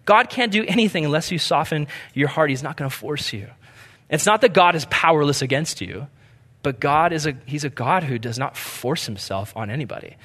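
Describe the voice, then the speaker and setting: A man delivers a sermon with earnest conviction, pushing hard on one point and sinking to a near hush on the next. His voice sits a little above the usual male range. A long reverb carries through the large hall around him. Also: a little high. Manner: earnest, swings from emphatic to hushed. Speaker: pastor.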